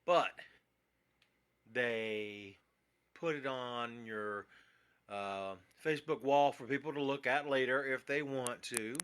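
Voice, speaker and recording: A man's voice: mid-range voice, fairly even intonation, slow, long pauses, a bit bright, clear, resonant tone. A man chatting casually on a phone live video, easygoing and rambling with lots of fillers. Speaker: vlogger. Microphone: phone camera propped nearby.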